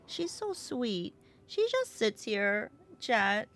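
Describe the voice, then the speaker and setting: A woman streamer in casual live-stream chat, relaxed, affectionate and chatty. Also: a little high, slow, faint music behind.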